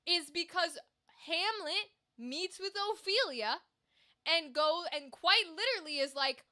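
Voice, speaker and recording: A woman's voice: very high voice, unhurried. A woman hosting a livestream, animatedly ranting in casual talk and swearing while chatting with viewers. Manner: animated, swearing, talks to chat. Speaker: livestream host.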